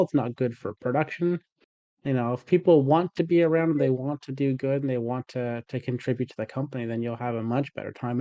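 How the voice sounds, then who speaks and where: A man's voice: warm tone, dry recording, highs cut off. A man playing a tabletop game, talking in character in a rambling, playful way like a company boss. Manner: rambling, playful pitch as a self-styled CEO. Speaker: player.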